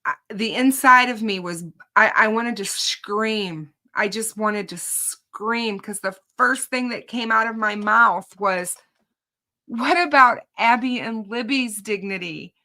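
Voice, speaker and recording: A woman's voice: medium pitch, slow pace, sharp tone. A woman hosting a true crime channel, telling viewers about her day in court in an emphatic, indignant casual way.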